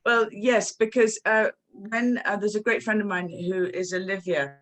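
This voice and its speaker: A woman and children's author talking effusively about her books at a launch interview, with many halting fillers and animated storytelling. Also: mid-range voice, poor audio.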